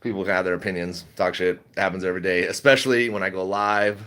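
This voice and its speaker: A man's voice: low voice, steady tone, fast talker, a bit bright, clear, resonant tone. A middle-aged man chatting casually on a livestream, reading chat, rambling and laughing often.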